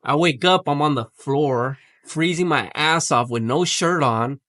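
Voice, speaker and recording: A man's voice: on the high side, unhurried, a bit bright, no echo. A man casually telling a long story, rambling, slangy and full of swearing, acting out what people said. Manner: rambling, heavy slang and swearing, acts out quotes. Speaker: podcast storyteller.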